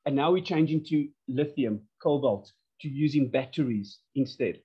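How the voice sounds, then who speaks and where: A man teaching an online course from home, talking in an animated, emphatic way and often repeating himself. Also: medium pitch, normal speed, husky, highs cut off. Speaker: course instructor. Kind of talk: online lecture. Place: home lounge.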